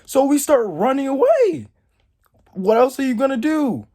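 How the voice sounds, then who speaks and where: A man's voice: extremely high pitch, very animated, moderate pace, mellow. A young man telling a story casually to camera, rambling and saying "like" often. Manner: rambling, heavy use of "like". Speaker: storytime vlogger.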